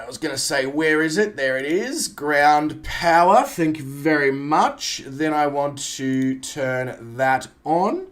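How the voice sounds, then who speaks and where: A man's voice: fairly high pitch, expressive, takes it slowly, hardly any pauses. An Australian man chatting casually on a live stream, greeting viewers by name and swearing lightly as he sets up a flight sim.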